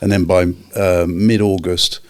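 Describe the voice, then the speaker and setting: Brief: man, very low voice, careful and hesitant delivery. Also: flat delivery, clear, resonant tone. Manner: measured and hesitant, many ums and restarts. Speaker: podcast co-host. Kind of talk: casual business podcast chat.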